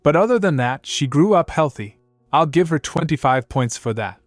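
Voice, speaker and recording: A man's voice: fairly high pitch, expressive, normal speed, no echo, soft background music, voice pushed up, natural voice. A man voicing a proud, stubborn old grandfather who groans and protests in a storybook recap. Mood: grudging.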